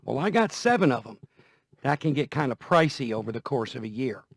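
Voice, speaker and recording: A man's voice: a little high, no echo. A man talking casually and folksily about guitar care, repeating himself as he goes, with a guitar heard now and then. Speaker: guitar vlogger. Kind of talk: casual demonstration talk. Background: guitar playing.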